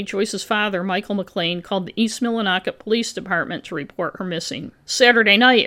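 A woman's voice: mid-range voice, fairly bright tone. A woman hosting a podcast, reading her own true-crime script with casual asides to her co-host. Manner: reads a researched script with asides.

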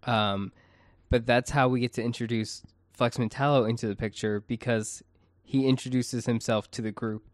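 A man's voice: medium pitch, steady tone, moderate pace, hardly any pauses, no room sound, studio quality. A man co-hosting a podcast in casual chat, hesitant and searching for words. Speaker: podcast co-host.

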